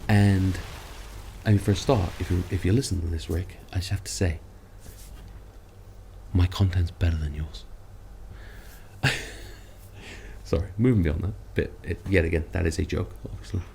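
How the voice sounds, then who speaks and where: A man's voice: low-pitched, fairly even intonation, normal speed, vocal fry, pauses often, warm tone, slight background noise. A man who makes online videos, ranting about other creators in a sarcastic, rambling, self-mocking way. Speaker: content creator. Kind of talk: ranting commentary vlog.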